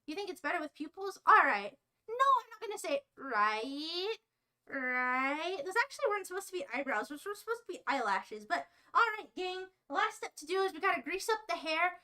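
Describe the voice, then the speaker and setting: A woman streaming live while she cooks, gushing and excitable, chatting with her viewers. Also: very high voice, a little fast. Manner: bubbly, gushing, excitable, talks to chat. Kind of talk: casual live-stream chat while cooking.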